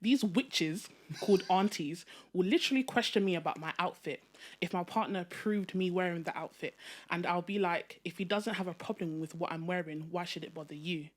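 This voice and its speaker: A woman hosting a casual podcast, excitable and laughing often as she chats and reads a listener's message aloud. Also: fairly low pitch, brisk. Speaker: podcast host.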